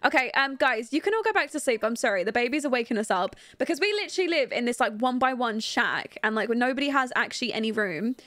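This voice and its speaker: A woman's voice: a little high, lively intonation, fast talker, hardly any pauses, a bit bright, no echo. A young woman giving chatty, giggly commentary on her life-sim game and talking to her viewers. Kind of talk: casual gameplay commentary.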